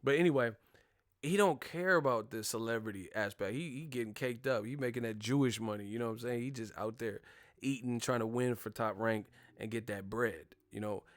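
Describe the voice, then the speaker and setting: On clean studio sound with no room noise, a young man hosting a boxing stream talks fast at a medium pitch. His rant is casual and full of swearing, and mid-flow he imitates the people he mentions, all in an animated way.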